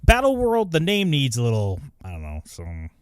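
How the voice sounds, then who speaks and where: A young man co-hosting a casual chat, relaxed and rambling with many fillers. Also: medium pitch, normal speed, clean tone, no echo, clean studio sound. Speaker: podcast co-host. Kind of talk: casual comic book discussion.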